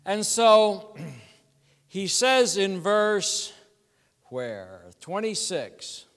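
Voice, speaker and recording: A man preaching a sermon as a pastor, telling a story in a conversational, animated way. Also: sits high, very slow, clean tone, long reverb tail.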